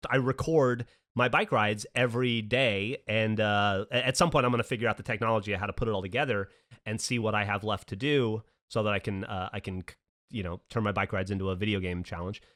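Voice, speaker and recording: Speaking a little fast in a lowish voice, a man in his forties hosts a podcast and spins a long, profane yarn in casual conversation. He animatedly performs the voices of the story's characters, acting out what his daughter said.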